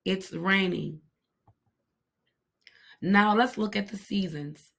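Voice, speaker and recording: A woman teaching a language lesson, repeating each word slowly and carefully for pronunciation. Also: mid-range voice, vocal fry, fairly bright tone. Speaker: Spanish teacher. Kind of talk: slow, deliberate language lesson.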